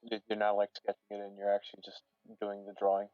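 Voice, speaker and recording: A man's voice: lowish voice, monotone, fast, dry recording. A man chatting and teasing in a laid-back way as co-host on a stream, laughing often. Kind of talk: casual chat. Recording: dull lo-fi mic. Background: faint background music.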